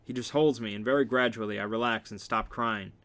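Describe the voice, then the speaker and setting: A man's voice: on the low side, steady tone, brisk, a bit bright. A man reading a romance novel aloud in a casual amateur way, with small slips and restarts. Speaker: reader.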